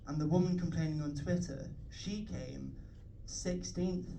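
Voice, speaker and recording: A man's voice: fairly high pitch, a little slow, creaky, mellow, a little hiss or hum. A young man with a Liverpool accent doing a swearing, self-mocking stand-up set on a comedy club stage. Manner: swearing, self-mocking, chatty crowd work. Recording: live club mic heard from a distance. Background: audience laughter.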